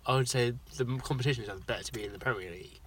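A man's voice: mid-range voice, racing, a bit bright. A young man from England co-hosting a podcast in casual chat, rambling and laughing often. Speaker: podcast co-host.

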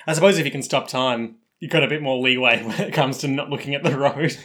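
A man's voice: mid-range voice, fast talker, a bit bright. A man hosting a casual podcast, recapping an anime in a rambling way, with a scratchy throat today. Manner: rambling recap, acts out characters' lines. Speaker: podcast host.

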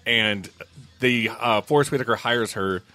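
A man hosting a comedy podcast, telling stories and recommending a movie with animated, laughing delivery. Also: mid-range voice, unhurried, soft background music. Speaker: podcast host.

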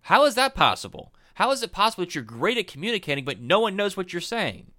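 A man hosting a podcast, giving solo political commentary in a rambling, animated way and often repeating himself. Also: high-pitched, quick pace, no echo, clean studio sound. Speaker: podcast host.

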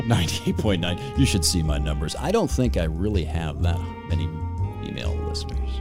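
This podcast host speaks at normal speed in a low voice with huge swings in pitch. Backed by faint music, he rants, jokes, and tells profane stories in crude banter.

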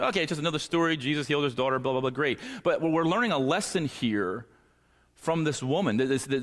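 A man preaching a sermon as pastor, earnest and at times acting out pleading voices. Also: medium pitch. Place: church sanctuary. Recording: church hall reverb.

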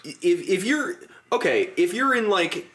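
A man's voice: high voice, big pitch swings, measured pace, a bit bright. A man co-hosting a casual podcast, ranting with plenty of swearing. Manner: profane ranting. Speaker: podcast co-host.

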